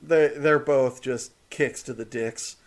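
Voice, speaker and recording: A man's voice: mid-range voice, slow. A man co-hosting a casual podcast chat, talking animatedly and swearing freely as he rants. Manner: animated, profane, rants with laughter. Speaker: podcast co-host.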